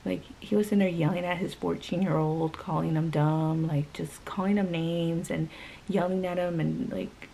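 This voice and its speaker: Young woman, vlogger, casual storytime, rambling with fillers, vocal fry, slightly low voice. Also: fairly even intonation, moderate pace, warm tone, a little hiss or hum, low-quality recording. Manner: chatty, rambling, many "like" fillers. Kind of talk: casual storytime while doing makeup. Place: home.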